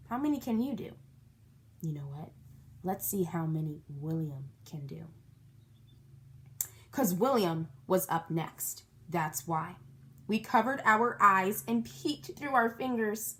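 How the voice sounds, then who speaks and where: A woman's voice: lowish voice, animated, slow, pauses often, fairly bright tone, a little hiss or hum. A woman reading a children's book aloud, stopping to explain words and ask her young listeners questions. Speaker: storybook reader.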